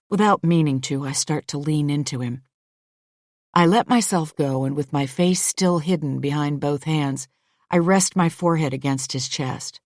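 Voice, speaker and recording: A woman narrating a first-person thriller audiobook in an intimate, measured storytelling manner. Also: low-pitched, no room sound, studio quality.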